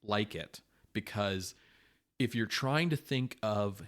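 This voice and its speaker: A man co-hosting a podcast in casual chat, animated and swearing, often acting out what people say. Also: on the low side, slow pace. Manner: animated, swearing, acts out quotes. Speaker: podcast co-host.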